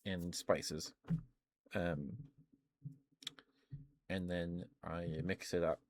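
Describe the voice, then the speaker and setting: A hoarse young man chatting casually on a stream, rambling with lots of fillers. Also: sits low, level tone, extremely slow, dry recording. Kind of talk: casual chat.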